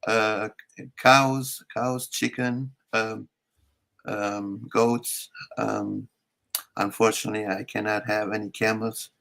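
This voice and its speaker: A man chatting in a casual group call, stopping and restarting often as he searches for words. His voice is gravelly with plenty of fry at mid pitch. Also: level tone, a bit bright. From abroad. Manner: halting, many restarts and fillers.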